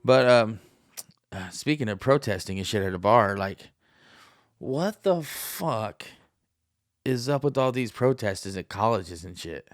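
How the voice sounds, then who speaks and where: A man's voice: normal speed, no echo, studio quality. A man in his thirties, a podcast host, in a rambling, profane, jokey monologue. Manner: profane, jokey, puts on high voices to act out stories.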